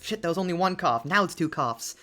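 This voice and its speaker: A streamer chatting through a live game stream, moving between excited exclamations and mumbled asides. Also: medium pitch, fairly quick. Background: faint lo-fi music.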